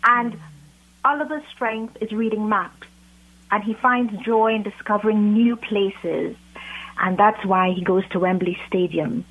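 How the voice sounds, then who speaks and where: A woman's voice: medium pitch, measured pace. British-accented woman on a tinny phone line. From Trinidad and Tobago. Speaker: guest author. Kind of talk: interview over a phone line.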